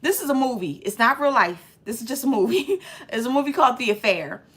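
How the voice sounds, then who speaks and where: A movie reviewer with a slightly high voice gives a fairly quick, casual recap full of slang and filler. She retells the plot as a lively storyteller, acting out the scenes as she goes.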